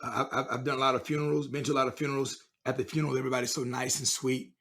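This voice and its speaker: A man coach talking, telling lively stories in conversation and acting out both sides of the dialogue. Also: mid-range voice, very fast, creaky. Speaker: guest speaker and coach. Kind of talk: animated storytelling in conversation.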